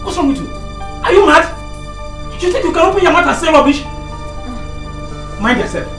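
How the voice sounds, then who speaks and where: An exasperated Nigerian-accented father, played by an actor, shouting hard at his wife and then humbly apologizing. His mid-range voice leaps widely in pitch. Faint music runs behind. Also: animated, normal speed, close to an everyday voice. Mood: angry. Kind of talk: film drama acting.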